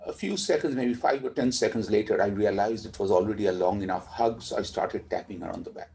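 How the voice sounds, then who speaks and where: A man's voice: fairly low pitch, fast talker, creaky, dark tone, rough recording. A man in a documentary interview, reflectively telling a story about his daughter. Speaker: father telling a family story.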